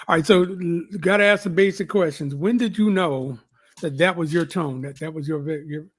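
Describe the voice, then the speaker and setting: Higher-voiced man hosting casually. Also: normal speed, husky, no room sound. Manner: loose, slangy, says "bro". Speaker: show host. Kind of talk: casual interview chat.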